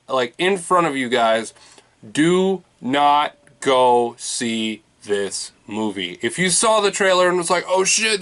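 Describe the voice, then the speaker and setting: A man's voice: mid-range voice, a bit bright. A man giving a casual, exasperated movie review rant, full of swearing and filler words.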